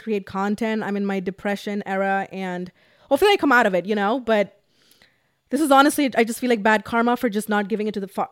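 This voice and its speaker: A woman's voice: mid-range voice, no room sound. Dry, rambling young woman podcaster. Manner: rambling and emotional, heavy use of "like". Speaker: podcast host. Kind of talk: casual storytime monologue.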